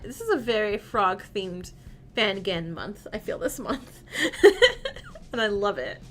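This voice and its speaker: Brief: excitable young woman streamer, giggly and gushing, very lively pitch. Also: slow. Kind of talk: casual game commentary.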